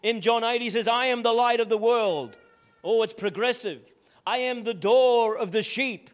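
High-voiced older pastor preaching. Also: male voice, normal speed. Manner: emphatic preaching with frequent "amen?" asides. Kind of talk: sermon.

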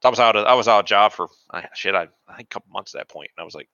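A man casually telling a profane, animated story about an old job, acting out the dialogue. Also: on the low side, rapid-fire, dry recording, lo-fi sound. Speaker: podcast co-host.

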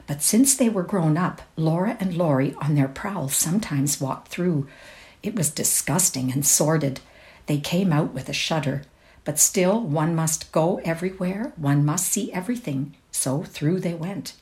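A woman reading a classic short story aloud in a measured, expressive way. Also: low-pitched. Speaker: reader.

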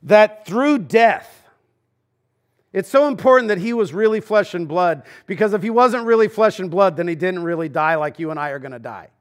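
A man's voice: high voice, expressive, fast, few pauses. A man preaching a sermon as pastor, in a casual, conversational way with frequent fillers and asides. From Los Angeles. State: preaching with a swollen knee in a brace.

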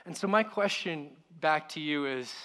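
A man, a pastor, preaching a sermon in an earnest way, repeating his words and dropping to a hushed voice on key lines. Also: on the high side, animated, normal speed.

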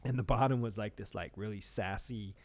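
A man's voice: on the low side, brisk. A man in casual podcast talk, rambling with lots of restarts and fillers. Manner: burps mid-talk. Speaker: podcast co-host. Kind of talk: casual chat.

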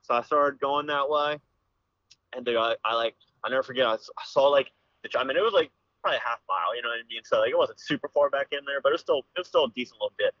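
A man's voice: medium pitch, quick pace, no echo. A young man from Pennsylvania, a podcast guest telling a hunting story in a rambling, casual way, full of "dude" and "like.". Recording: slightly dull, lo-fi podcast audio.

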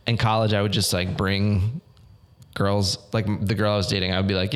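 A man's voice: fairly low pitch, normal speed. A young man co-hosting a podcast, telling stories in a rambling, self-mocking way with lots of "like" and restarts. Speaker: podcast co-host. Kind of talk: casual chat.

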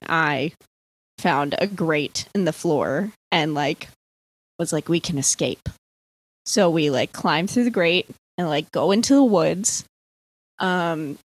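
Casting: young woman from the US East Coast, low-pitched, chatty storyteller, laughs and swears, dry close sound. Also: no room sound. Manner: chatty, lots of "like", swears, laughs mid-sentence. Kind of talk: casual storytelling among friends.

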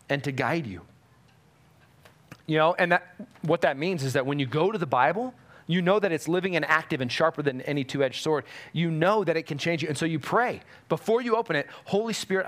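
A man's voice: a little high, fairly bright tone. A male pastor giving a conversational sermon and acting out quotes with animation.

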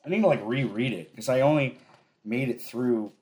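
A man's voice: medium pitch, moderate pace, darkish tone. A man co-hosting a podcast, telling a long, rambling story in casual chat, often laughing and restarting his sentences. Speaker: podcast co-host.

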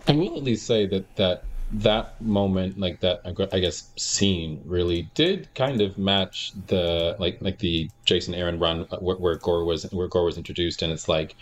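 A man co-hosting a casual film review chat, halting and searching for words. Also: sits low. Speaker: podcast co-host.

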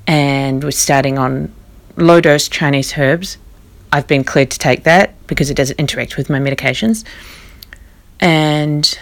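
Woman, low voice, tired, candid and rambling, personal vlog. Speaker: vlogger.

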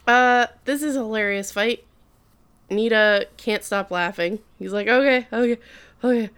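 A woman in casual chat recapping an anime, an animated storyteller who swears freely and laughs often. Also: medium pitch, unhurried, clean tone. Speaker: podcast co-host.

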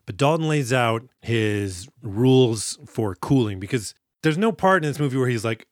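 A man co-hosting a podcast, recapping a film in casual, animated, profane chat. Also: mid-range voice, moderate pace, few pauses, dry recording, clean studio sound. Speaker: podcast co-host.

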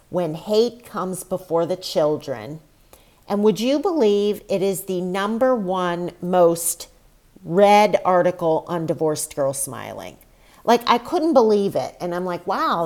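Woman, podcast host, slow pace, lowish voice, candid, chatty. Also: darkish tone. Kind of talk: solo podcast monologue.

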